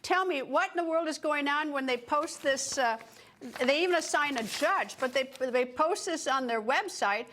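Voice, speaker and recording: A woman's voice: high voice, expressive, moderate pace, a bit bright, a little hiss or hum. A middle-aged woman anchoring a broadcast news show with an emphatic, punchy delivery.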